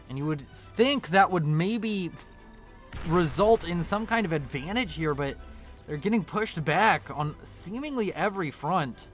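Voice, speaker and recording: A man with a high-set voice and an unnamed non-local accent gives chatty running commentary while casting a strategy game match. He often corrects himself and apologizes for slips, with faint music behind him.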